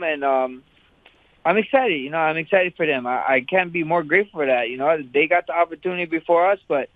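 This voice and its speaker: A Hawaiian fighter, guesting on an interview, chats casually in a relaxed, meandering style peppered with "you know." His voice is slightly high, with no room sound, and the line has a thin, tinny, phone-like quality.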